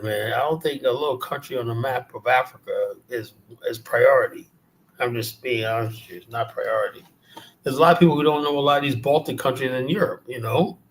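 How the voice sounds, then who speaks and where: A man's voice: mid-range voice, slight background noise. Profane, rambling New man. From South Jamaica, Queens, New York. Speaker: livestream host. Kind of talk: casual livestream rant.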